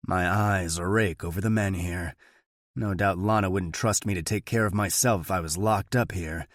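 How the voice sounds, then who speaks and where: A man narrating a thriller audiobook in the first person, steady and measured. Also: low voice, no echo, studio quality.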